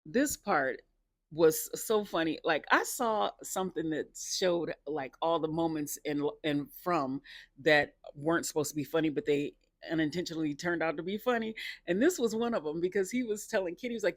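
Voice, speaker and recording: A man casually recapping a TV episode, chatty and laughing often, with excited personal asides. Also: fairly high pitch, a little fast, no room sound, studio quality.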